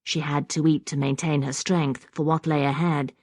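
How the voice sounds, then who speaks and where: A woman narrating an audiobook in a measured, even reading on a close studio mic. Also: low-pitched, no room sound. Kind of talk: scripted narration.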